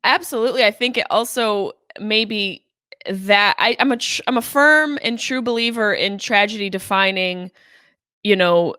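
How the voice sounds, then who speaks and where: A woman's voice: mid-range voice, normal speed, pushed and bright, clear, resonant tone, no room sound, clean studio sound. A woman hosting a casual podcast interview, earnest and encouraging, who swears casually. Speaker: podcast host.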